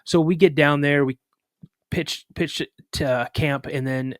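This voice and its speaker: A man's voice: a little high, fairly even intonation, a little slow, no echo, studio quality. A man in casual conversation, animatedly retelling a personal story with frequent restarts. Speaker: podcast guest, cryptid researcher.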